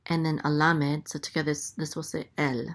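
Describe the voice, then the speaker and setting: A Hebrew teacher, a woman, gives a slow, careful lesson letter by letter, going through letters and vowels and patiently repeating each syllable. Her voice is low-pitched with little pitch movement, and she speaks fairly quickly.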